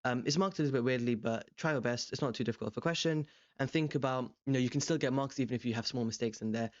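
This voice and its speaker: A young man tutoring, walking through an exam question in a relaxed, rambling way with many ums and self-corrections. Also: mid-range voice, fast, dry recording, muffled recording. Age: young adult. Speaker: language tutor. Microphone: desk microphone beside a webcam.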